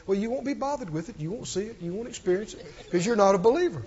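High-voiced emphatic male preacher. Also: lively intonation, quick pace, few pauses, a little mellow, husky. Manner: emphatic, rhetorical questions to the congregation. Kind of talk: sermon. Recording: dull lo-fi recording.

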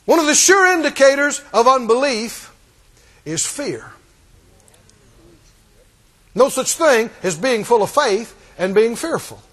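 A man's voice: extremely high pitch, lively intonation, slow, long pauses, a bit bright, long reverb tail. A man preaching a rousing, emphatic sermon and calling out to his congregation.

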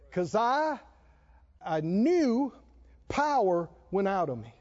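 A man preaches a sermon in a high, lively voice, acting out the story with dramatic voices and driving his points home through repetition. The sound is dull and muffled, and long reverb from a large hall trails after his words. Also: takes it slowly. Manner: repetitive, emphatic preaching cadence.

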